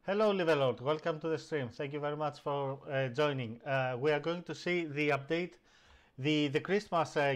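A man hosting a live stream, casually talking viewers through a software update and greeting chat as he works, with frequent pauses and fillers. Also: fairly high pitch. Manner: hesitant, many fillers and restarts while operating the computer.

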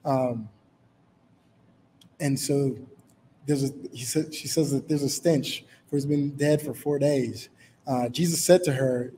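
A man's voice: medium pitch, fairly even intonation, unhurried, warm tone, a little hiss or hum, rough recording. A man leading a Bible study in a casual, informal way, reading scripture aloud and rephrasing it with many fillers.

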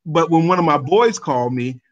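A man's voice: fairly high pitch, animated, fairly quick, muffled recording. A man co-hosting a podcast, talking conversationally and telling stories from his own life. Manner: conversational, storytelling. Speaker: co-host. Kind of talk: podcast talk.

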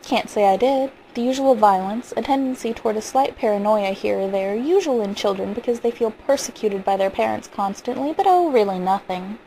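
A woman's voice: mid-range voice, brisk, hardly any pauses, warm tone, a little hiss or hum, lightly acted, low-quality recording. A woman reading the part of an unflappable male psychologist, speaking in a dry, offhand way.

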